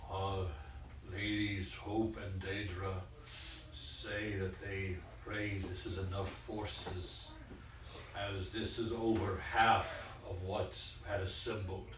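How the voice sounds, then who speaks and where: A man's voice: lowish voice, noisy background. A man narrating a tabletop game as game master, casual and rambling with many fillers. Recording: roomy echo from a distant mic.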